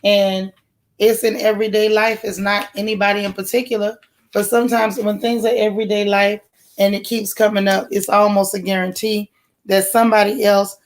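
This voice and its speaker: A woman's voice: medium pitch, flat delivery, normal speed. A middle-aged woman hosts a casual live chat. Her delivery is folksy and effusive as she thanks viewers and calls out their names one by one. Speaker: YouTube channel host.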